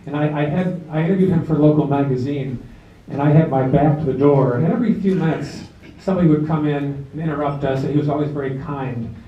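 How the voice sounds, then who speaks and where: A man leading a memorial gathering, speaking in a relaxed, folksy way with light jokes and fillers, addressing a seated crowd in a club hall. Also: a little high, quick pace, few pauses. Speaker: officiant of a memorial service. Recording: roomy, distant, dull amateur video.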